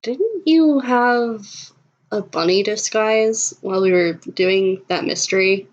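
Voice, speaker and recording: A woman voicing a bashful, cheerful male cartoon character who stammers when excited. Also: mid-range voice, slow pace, natural voice. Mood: gentle. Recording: dull lo-fi recording.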